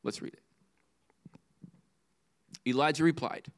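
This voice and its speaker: A man preaching a sermon as pastor, swinging from impassioned highs to hushed lows. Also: lively intonation, unhurried, pauses often.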